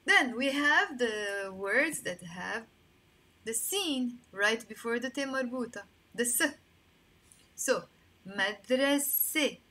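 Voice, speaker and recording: A woman with a Lebanese accent teaching Arabic vocabulary, modeling words slowly and repeating them, then explaining them in English, recorded without a microphone. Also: on the high side, pushed and bright. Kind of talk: language lesson. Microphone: no microphone, built-in mic.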